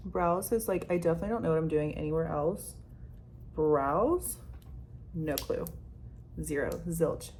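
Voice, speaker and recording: A woman's voice: on the low side, steady tone, unhurried, a little mellow, slight background noise. A young woman chatting through a makeup tutorial in a rambling, casual way, full of "like" and the odd swear, sometimes dropping to a near-whisper. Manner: rambling, filler-heavy, frequent "like", swears casually. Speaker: vlogger.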